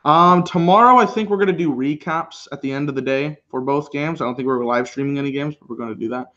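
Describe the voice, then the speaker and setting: Here a fast-talking man with a medium-pitched voice co-hosts a live football reaction stream. He's relaxed and quick to laugh, calling the action live in easygoing play-by-play banter over a muffled recording.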